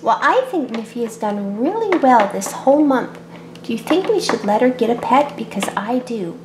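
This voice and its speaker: A woman voicing an agreeable mother bunny in a toy play-acting video, soft and easygoing. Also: on the high side, big pitch swings, normal speed, reverberant, background noise.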